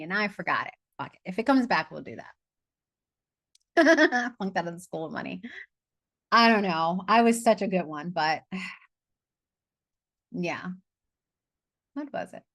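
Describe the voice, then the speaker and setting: A woman's voice: medium pitch, a bit bright, no echo, clean studio sound. A woman leading a money masterclass over a video call, chatting casually, laughing, swearing and losing her train of thought. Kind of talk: casual live online class.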